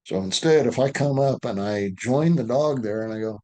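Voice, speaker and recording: A man's voice: medium pitch, normal speed. A man answering questions in a live online dog training session, talking loosely and acting out what he says to the dog, over a video call. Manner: relaxed, conversational, acts out what to say to the dog.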